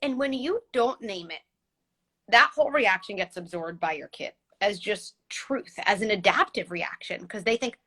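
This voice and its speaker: Woman host with a bright, forceful voice, animated and explanatory; video call audio. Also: medium pitch, normal speed. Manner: animated, explains with vivid examples. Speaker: host, parenting psychologist. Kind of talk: casual conversational interview. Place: home, recorded livestream.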